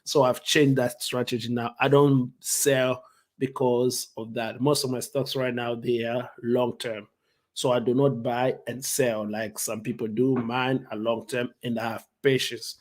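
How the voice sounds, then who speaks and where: A man casually explaining stock investing to viewers on a live stream from home, relaxed and repetitive. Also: medium pitch, measured pace. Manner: relaxed, repeats key points, frequent "like" fillers.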